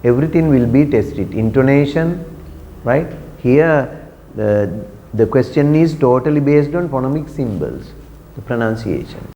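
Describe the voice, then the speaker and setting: Slow-paced male teacher in a reverberant room. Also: mid-range voice, expressive, a little hiss or hum. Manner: slow, repeats words and checks with "right?". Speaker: English teacher. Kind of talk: exam preparation lesson. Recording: dull lo-fi sound with long reverb.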